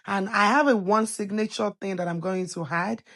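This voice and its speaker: A woman's voice: mid-range voice, fairly even intonation, moderate pace, a bit bright. A woman hosting a cooking channel, chatting playfully in a casual voice-over as she explains each step of her cooking. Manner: chatty and playful, teasing viewers with laughs.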